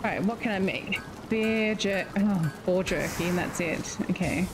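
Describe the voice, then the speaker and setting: A woman's voice: medium pitch, measured pace, music in the background, rough recording. A woman with an Australian accent chatting and laughing while she organizes friends in a multiplayer game. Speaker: gamer on a multiplayer stream. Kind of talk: casual gaming chat.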